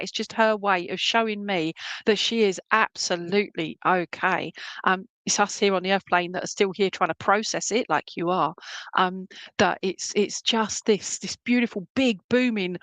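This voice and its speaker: A woman working as a medium gives a chatty, reassuring clairvoyant reading at a church service, often checking in with her listeners. Her medium-pitched voice has a fairly bright tone, and the recording is dry.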